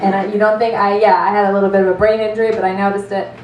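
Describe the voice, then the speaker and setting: Animated, swearing woman comic, roomy sound. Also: mid-range voice, racing. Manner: animated, swearing, self-mocking. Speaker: stand-up comedian. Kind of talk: stand-up storytelling. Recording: roomy, distant mic.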